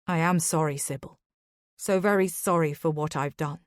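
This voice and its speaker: A woman's voice: sits low, normal speed, no echo, studio quality, pitched below the performer's own voice, close to an everyday voice. A woman voicing a grave, remorseful aristocratic husband in Victorian society. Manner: grave, hoarse-edged apology.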